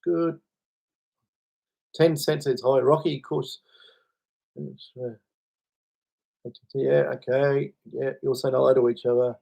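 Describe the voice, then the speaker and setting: Male livestream host, gravelly mid-pitched voice, rambling and chuckly, reads out chat. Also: level tone, takes it slowly, long pauses, warm tone.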